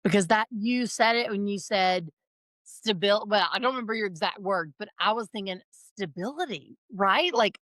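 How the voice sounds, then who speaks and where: A woman's voice: mid-range voice, bright, forceful tone, no echo. Affirming woman guest, dry close sound. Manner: affirming, reflective. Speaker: podcast guest, founder. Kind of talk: supportive conversational chat.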